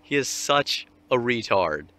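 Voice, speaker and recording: A man's voice: mid-range voice, very animated, slow pace, bright, forceful tone. A young man ranting casually while walking his dog, swearing often and laughing at it. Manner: profane, mocking, laughs often. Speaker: vlogger. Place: outdoors on a dog walk.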